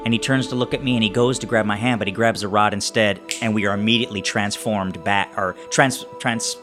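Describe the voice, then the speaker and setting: A man playing a tabletop role-playing game, narrating his character's actions in a halting way with many restarts. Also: lowish voice, steady tone, music in the background. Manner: halting, many restarts while describing scenes. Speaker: player.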